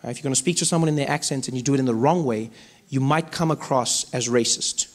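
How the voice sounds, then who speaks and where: A South African man telling stand-up stories in an animated way, slipping into voices. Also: medium pitch, fast talker. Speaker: comedian. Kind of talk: stand-up storytelling.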